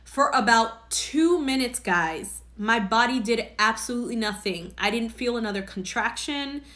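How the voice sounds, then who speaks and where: Woman podcast host, earnest personal storyteller, bright forward tone. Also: on the high side, lively intonation, moderate pace.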